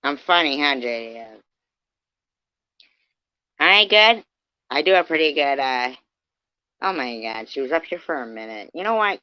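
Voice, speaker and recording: A woman ranting profanely on a livestream, swinging from yelling to low muttering, heard through dull lo-fi stream audio. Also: lively intonation, normal speed, long pauses, smooth, no echo.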